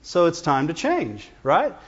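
Lively, high-voiced preacher in a reverberant hall. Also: male voice, a little slow, slightly rough. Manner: conversational, asks congregation "Amen?" and "Right?" often. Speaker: pastor. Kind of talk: sermon. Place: church sanctuary. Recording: dull reverberant church recording.

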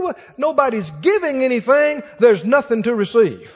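A man's voice: very high voice, normal speed, hardly any pauses, slightly rough, long reverb tail, dull audio. A man preaching a sermon as pastor, acting out the voices of the people in his stories. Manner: animated preaching, acts out quoted voices.

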